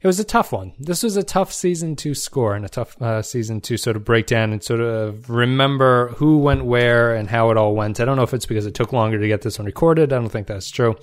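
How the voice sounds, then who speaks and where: A man with a mid-range voice hosts a solo review podcast, talking briskly with few pauses in a loose, conversational style full of fillers and restarts.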